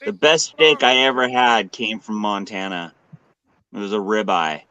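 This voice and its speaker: Bright, dry-voiced, profane man. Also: fairly low pitch, normal speed, smooth, no room sound, rough recording. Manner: profane, enthusiastic storytelling. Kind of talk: casual chat.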